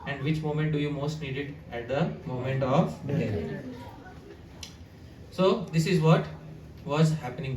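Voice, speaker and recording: A man, a devotional speaker telling a sacred story as a sermon at a house gathering, speaking animatedly and quizzing his listeners. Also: a little high. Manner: animated, addresses the audience with questions. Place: living room at a house gathering. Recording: echoey room, distant mic, faint hiss.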